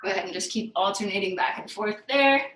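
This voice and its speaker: A woman's voice: medium pitch, quick pace, fairly bright tone. A woman fitness instructor leading a live online workout class, giving step-by-step cues while she demonstrates the moves. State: out of breath. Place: room at home during video call. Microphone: video call. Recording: echoey room.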